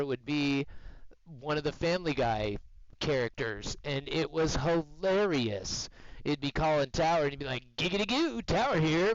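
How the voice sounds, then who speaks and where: A man hosting a livestream, chatting casually in a laid-back, rambling way. His voice is smooth and clear at a middle pitch. The sound is dry and a little dull. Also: dry recording. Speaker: livestream host.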